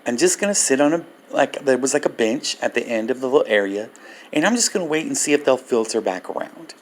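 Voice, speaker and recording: An older man telling a personal story in a vlog, animated and laughing as he goes. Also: mid-range voice, fast talker, slight background noise. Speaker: Christian ministry vlogger.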